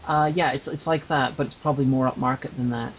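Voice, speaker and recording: A man from Northern Ireland co-hosting a podcast in casual chat, hesitant and halting as he talks. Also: medium pitch, fairly even intonation. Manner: hesitant, many fillers and restarts. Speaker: podcast co-host. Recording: lo-fi with faint hiss.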